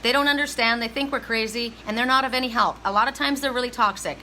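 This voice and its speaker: A woman's voice: a little high, quick pace, sharp tone, slight background noise, poor audio. A middle-aged woman giving a heartfelt, emphatic spiritual reading to viewers on a live stream. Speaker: psychic reader.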